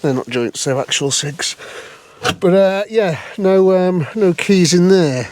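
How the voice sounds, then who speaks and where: This vlog host has a high-sitting, darkish voice and speaks slowly, with a little background noise. He looks over an old car in a cold scrapyard, offering chatty, wry commentary to the camera and muttering to himself.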